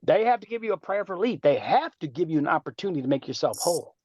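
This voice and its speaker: Male call speaker, high voice, cocky and animated, slangy; muffled dry call audio. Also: quick pace, dry recording. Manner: boastful, animated, streetwise slang. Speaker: speaker answering callers on a group call. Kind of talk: casual lecture and Q&A.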